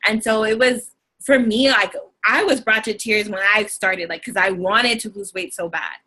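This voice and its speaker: A young woman talks over a video call with a bright voice at a middle pitch. She encourages her listeners earnestly and works from notes. She sometimes pauses to search for the right word. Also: fairly even intonation, breathy edge. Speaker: co-host of a team video call. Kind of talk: motivational talk from notes.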